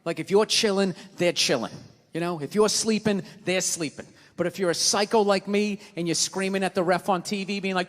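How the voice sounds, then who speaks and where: A man doing a stand-up routine, ranting and swearing, with loud outbursts. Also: high voice, a little fast, slight background noise. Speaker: stand-up comedian. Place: stage in a large hall before a live audience. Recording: live hall with long reverb.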